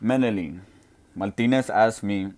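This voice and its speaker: A young deaf man speaking loudly and earnestly in a casual question-and-answer talk, with frequent restarts. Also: lowish voice, measured pace. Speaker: student podcaster answering questions.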